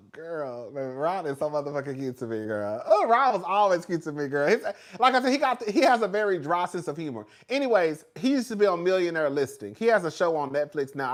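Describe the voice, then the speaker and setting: A man hosting a casual chat with viewers in a gossipy, chatty way, calling everyone "girl" and laughing often. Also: on the high side. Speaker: host.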